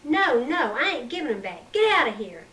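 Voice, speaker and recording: A woman's voice: high voice, a little fast, echoey room, far from the mic, slight background noise, pitched above the performer's own voice. Woman doing a bossy little girl. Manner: bossy, excited. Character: spirited young girl, bossy older sister.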